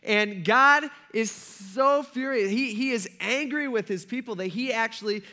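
This male pastor has a very high, sharp voice and speaks a little slowly. His casual sermon unfolds as conversational storytelling, heavy on "like" and acted-out quotes.

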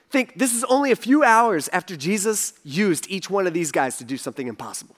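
A man's voice: sits high, sing-song, moderate pace, fairly bright tone. A man giving a casual sermon as a pastor, talking loosely with lots of "like" and acting out voices in his quotes. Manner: conversational, full of "like", voicing characters in quotes.

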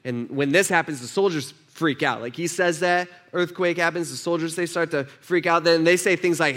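A pastor with a high, pushed and bright voice preaches at a normal speed, barely pausing at all. His sermon feels like a conversation with the congregation: he throws questions to the room and dramatizes what the people in his story say.

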